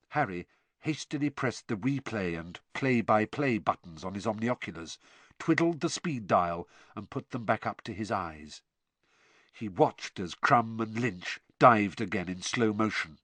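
Lively, bright-voiced male storyteller. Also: fairly low pitch, a little slow, dry recording. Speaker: audiobook narrator. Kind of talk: expressive scripted narration.

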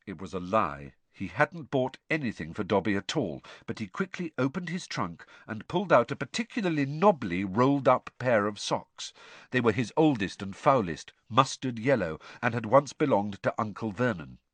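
A man narrating an audiobook in an expressive storytelling manner. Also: mid-range voice, normal speed, no room sound. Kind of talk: scripted narration.

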